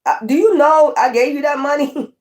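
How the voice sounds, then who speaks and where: A woman's voice: high-pitched, normal speed. A woman giving a casual tarot reading, swearing often, laughing and talking straight to her viewers. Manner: profane, laughing, animated asides to viewers. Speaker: tarot reader.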